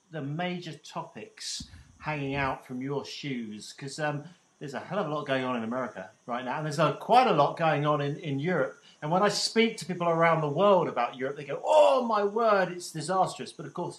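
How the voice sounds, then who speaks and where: A man's voice: a little high, fairly bright tone, reverberant. A man hosting a podcast, joking and stumbling through his questions in a chatty way. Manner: jokey, stumbling chatty host. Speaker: podcast host. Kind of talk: casual podcast conversation.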